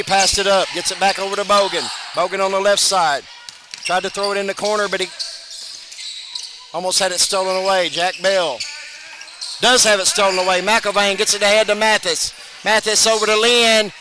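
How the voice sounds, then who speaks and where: A man doing brisk play-by-play commentary of a basketball game, his voice jumping up loud on big plays. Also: high-pitched, little pitch movement. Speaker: play-by-play announcer. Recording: broadcast over loud gym noise.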